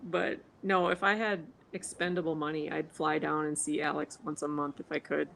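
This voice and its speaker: Snarky Minnesotan woman, lowish voice. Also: flat delivery, normal speed, creaky, fairly bright tone, low-quality recording. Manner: snarky, laughs often. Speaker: livestream co-host. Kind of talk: casual chat.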